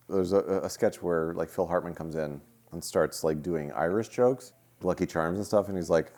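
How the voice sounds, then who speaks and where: A man co-hosting a casual movie-review podcast, joking around and slipping into quick silly impressions. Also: deep voice, a little mellow. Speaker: podcast co-host.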